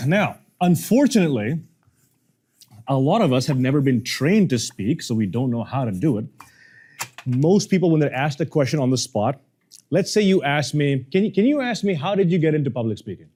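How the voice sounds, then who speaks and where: Man, speaking coach, live workshop, warm mellow tone, playful, questions the audience. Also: a little high, normal speed, breathy edge. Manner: energetic, quizzes the audience, playful asides.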